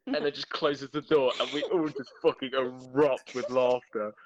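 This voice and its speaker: A man's voice: medium pitch, normal speed, muffled recording. A young man casually telling a funny school story among friends, laughing often. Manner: animated, laughing through his stories. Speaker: guest.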